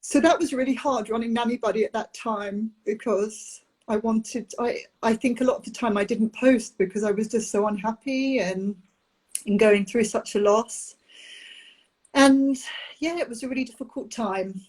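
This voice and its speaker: A young adult woman, a nanny, talking candidly about a personal experience with many pauses and restarts over a video call. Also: on the high side, a little mellow. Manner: open, halting, with many ums and restarts. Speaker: nanny sharing her IVF experience.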